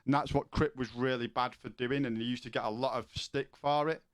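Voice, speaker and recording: A man's voice: mid-range voice, fairly even intonation, brisk, dry recording. Streamer guy rambling to chat, lots of restarts, dry close mic. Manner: rambling, many restarts, asks chat questions. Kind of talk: casual chat with viewers.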